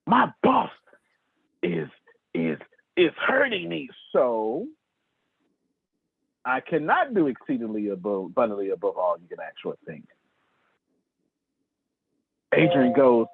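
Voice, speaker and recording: Preacher-style sales trainer, man, husky voice, wildly swinging pitch, phone-quality audio. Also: slow pace, pauses often, dry recording. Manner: animated, preacher-like, calls on listeners by name. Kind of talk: sermon-style sales lecture. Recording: tinny dry phone-like line.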